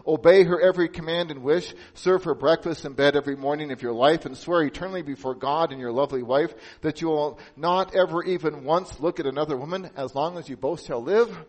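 A man's voice: on the high side, brisk, hardly any pauses, close to an everyday voice, poor audio. A man playing a solemn pastor who recites strict wedding vows to a groom. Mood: stern.

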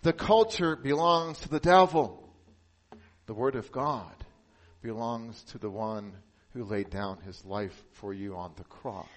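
A man preaching a sermon as pastor. He speaks earnestly and drops to a hushed, solemn tone for emphasis. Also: mid-range voice, measured pace, rough recording.

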